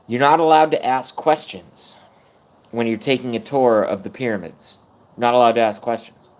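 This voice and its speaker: A man's voice: mid-range voice, moderate pace. A middle-aged man ranting casually on a livestream, rambling and swearing while chatting with viewers. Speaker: livestream host.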